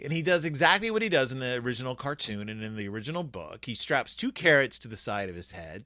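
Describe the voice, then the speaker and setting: A man's voice: mid-range voice, sharp tone, no room sound, studio quality. A man hosting a podcast, chatting casually and enthusiastically about a children's book, rambling and acting out the characters. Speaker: podcast host reviewing children's books. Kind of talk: casual book review chat.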